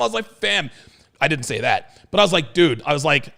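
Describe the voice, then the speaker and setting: A man hosting a livestream, telling a crude story to his chat with animated swings between low mutters and excited bursts. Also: brisk, creaky. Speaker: host.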